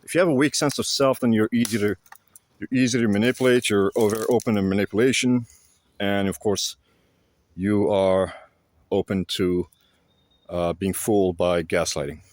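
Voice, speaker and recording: A man talking to camera in a casual explanatory monologue, halting and blunt, with frequent fillers and restarts. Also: lowish voice, fairly even intonation. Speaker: vlogger.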